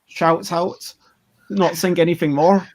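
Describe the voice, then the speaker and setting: A man who designs games, chatting at game night in a plain, hesitant way with many pauses. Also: sits high, fairly even intonation. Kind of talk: casual game chat.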